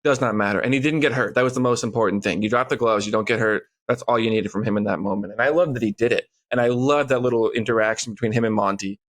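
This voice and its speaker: Podcast co-host, man, mid pitch, rapid-fire relaxed game breakdown. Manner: rapid, relaxed analysis with frequent fillers. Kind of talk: casual sports chat.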